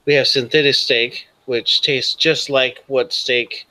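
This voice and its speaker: A helpful man from the future, played by a game master explains gadgets in a plain, patient voice. The pitch sits mid-range and steady. He is a figure in a tabletop game. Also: takes it slowly, no echo, low-quality recording. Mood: explaining. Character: helpful future scientist man, matter-of-fact.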